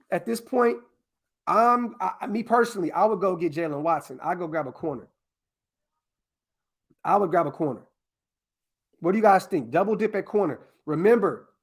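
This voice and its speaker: A male podcast host in casual live-stream chat, excitable and profane, talking straight to his viewers as he works through a mock draft. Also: high voice, normal speed, long pauses.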